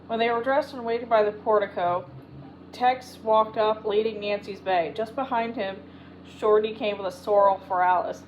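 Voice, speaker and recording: A woman narrating an audiobook in a steady, even reading voice. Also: mid-range voice, moderate pace, highs cut off, a little hiss or hum. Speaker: audiobook reader. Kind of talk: storybook narration.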